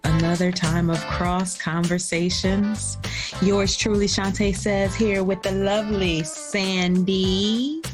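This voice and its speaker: A woman's voice: medium pitch, fairly even intonation, takes it slowly. A woman co-hosting a podcast in casual chat, playfully teasing and drawing out her guest with questions. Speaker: podcast co-host. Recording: music bed underneath.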